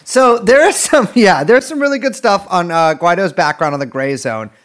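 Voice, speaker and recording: A man's voice: sits high, moderate pace. A man co-hosting a podcast, bantering wryly and profanely in casual political talk. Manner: wry, profane, lively banter with restarts. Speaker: podcast co-host.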